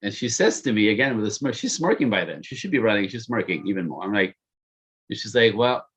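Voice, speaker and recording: Husky man telling a story, laughing at himself. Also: fairly low pitch, fast, dull audio. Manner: animated, self-mocking, laughs often. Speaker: guest telling his love story. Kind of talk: casual storytelling on a podcast.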